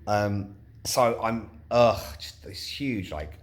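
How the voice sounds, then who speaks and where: A man's voice: fairly low pitch, slow pace. A man chatting casually in a diary-style vlog, rambling with many ums and self-corrections and laughing often. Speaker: vlogger.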